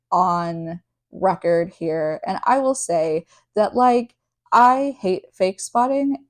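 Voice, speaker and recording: Chatty young woman, low voice. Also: a little mellow. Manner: chatty and candid, lots of fillers and asides. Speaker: vlogger and service dog handler. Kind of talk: casual talk to camera.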